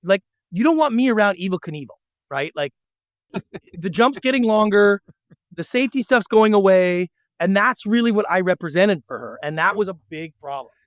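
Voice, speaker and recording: A middle-aged man telling a story as an interview guest, animated and acting out the dialogue. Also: high voice, moderate pace, no room sound, studio quality. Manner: animated, acts out quoted dialogue. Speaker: podcast guest.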